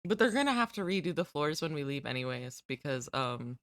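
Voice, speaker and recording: A woman's voice: low-pitched, sing-song, brisk, no room sound. A woman streamer chatting casually with her viewers, rambling and giggling at herself. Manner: giggly, rambling, self-deprecating.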